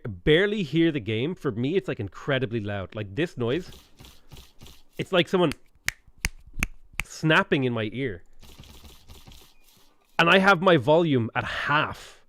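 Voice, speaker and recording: A man's voice: fairly high pitch, lively intonation, a little slow, long pauses, a bit bright, no echo. A man commenting casually on his strategy game for chat, speaking frankly into a close broadcast mic, swearing now and then. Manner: talks to chat, frank, swears when annoyed. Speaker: streamer playing a strategy game. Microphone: dynamic broadcast mic a fist from the face.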